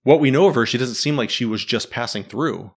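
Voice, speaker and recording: A man's voice: medium pitch, brisk, breathy edge. Man animatedly talking through a TV series. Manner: animated, quizzes his co-host. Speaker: podcast host discussing a TV series. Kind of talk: casual chat.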